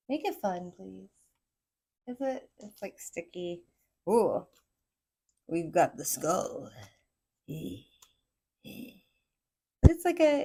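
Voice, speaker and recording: A woman with a Southern accent giving a casual pick-a-card tarot reading, excitable and rambling as she talks to her viewers. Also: mid-range voice, creaky. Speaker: tarot reader.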